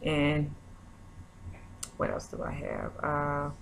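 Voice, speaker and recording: A woman's voice: sits low, huge pitch swings, slow, vocal fry, a little hiss or hum. A young woman, vlogging in a chatty, rambling way full of fillers. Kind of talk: casual chat.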